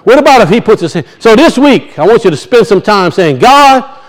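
A man with a high, light voice preaches in a church. He tells a folksy story in an easy, homespun way and chuckles often as he talks. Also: sing-song, quick pace. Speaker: pastor. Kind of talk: sermon.

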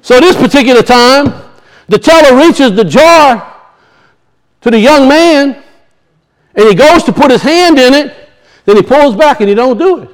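A man's voice: very high-pitched, lively intonation, measured pace, pauses often. A male pastor, preaching a sermon in a church and telling a folksy story with frequent chuckles.

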